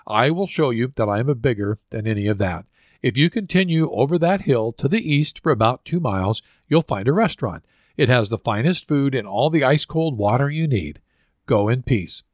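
A man voicing a frail little old man who sells neckties, speaking calmly and dryly. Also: mid-range voice, fairly quick, dry recording, clean studio sound, lightly acted.

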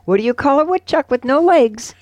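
A woman's voice: sits high, fairly quick, dry recording. A woman co-hosting a casual radio show, reading an ad and reciting a poem expressively. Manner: expressive, sing-song reading. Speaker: radio co-host.

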